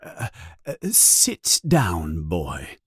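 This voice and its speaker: A man voicing a frail elderly male headmaster wizard who speaks weakly and hesitantly, with halting fillers. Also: low-pitched, huge pitch swings, no room sound, studio quality, voice pushed down, heavily acted. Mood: grave. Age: older. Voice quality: weak, quiet, breathy at times.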